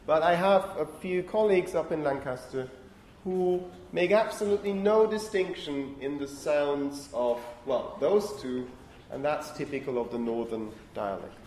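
A male university lecturer with a fairly high but mellow voice explains phonetics, tagging sentences with "okay?" and sternly asking chatty students for quiet. He is recorded in a roomy, echoing lecture hall with faint background noise. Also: measured pace.

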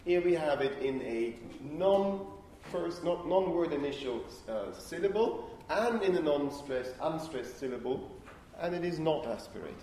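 A man's voice: on the high side, lively intonation, a little slow, dark tone. A male lecturer explaining phonetics to a class, thinking aloud and often checking in with the students. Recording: echoey classroom with faint ambient noise.

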